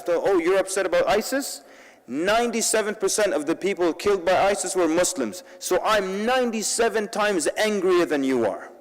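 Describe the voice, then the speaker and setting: Animated man speaking in a reverberant hall. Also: on the high side. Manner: animated storyteller, mixing in Arabic words. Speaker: convention speaker. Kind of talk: humorous public talk. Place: large convention hall.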